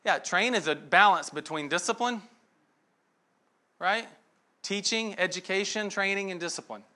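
A middle-aged man preaching in a loose, conversational way, spinning a story and tossing in quick asides to the listeners. His voice sits a little high and sounds bright and forceful. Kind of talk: sermon.

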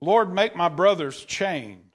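A man's voice: high-pitched, lively intonation, slow. A man preacher giving a dramatic sermon, reading scripture aloud and questioning his listeners.

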